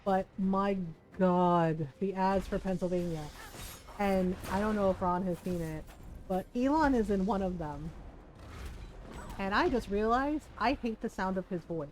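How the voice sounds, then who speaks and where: A woman's voice: medium pitch, unhurried, a little mellow, low-quality recording. A woman chatting casually while streaming a game, laughing often and acting out bits. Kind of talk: casual gaming stream chat.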